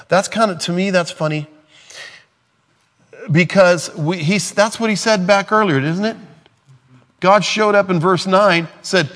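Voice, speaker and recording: A man's voice: high-pitched, normal speed, fairly bright tone. A man preaching a sermon in an earnest, conversational way, laughing now and then and acting out scripture dialogue. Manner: acts out scripture dialogue in different voices.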